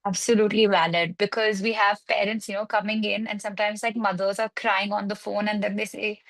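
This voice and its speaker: A woman's voice: medium pitch, little pitch movement, brisk, few pauses, fairly bright tone, rough recording. A woman counseling psychologist in a webinar discussion, reassuring and explaining with everyday examples. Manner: reassuring, explains with examples and quoted parent worries.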